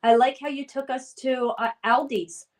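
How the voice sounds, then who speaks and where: A woman from the United States hosts a casual livestream trivia game, chatting away and reading viewers' names and comments aloud before answering them. Her voice is high and steady, and she talks at a normal speed.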